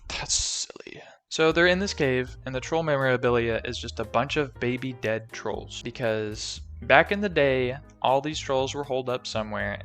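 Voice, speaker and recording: A young man retells a movie plot in a casual, jokey, meandering way, packed with fillers. His voice is medium-pitched with a fairly bright tone, and faint music plays in the background.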